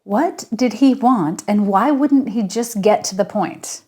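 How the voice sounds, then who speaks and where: A woman, the author, reading her story aloud in steady first-person narration. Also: medium pitch, slow.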